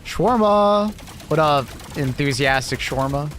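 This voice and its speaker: A British man chats with viewers while he streams a game, laughing readily and swearing when things go wrong. His voice sits at a mid pitch, with a faint hum of noise behind it. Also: moderate pace, a bit bright. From Britain. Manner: laughing, swearing, reacting to chat. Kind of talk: casual livestream chat while gaming.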